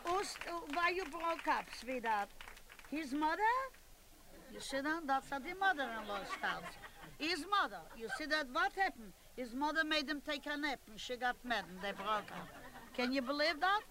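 A woman talks her way through a comic monologue as the chair of a club meeting. She is chatty and bossy, with broken-English phrasing. Her voice is high and bright. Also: lively intonation, moderate pace, a little hiss or hum, low-quality recording.

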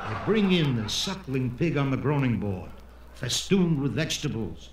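A man doing stand-up, telling jokes as an animated storyteller who keeps slipping into character voices. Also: mid-range voice, normal speed. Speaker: comedian. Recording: echoey room, faint background noise.

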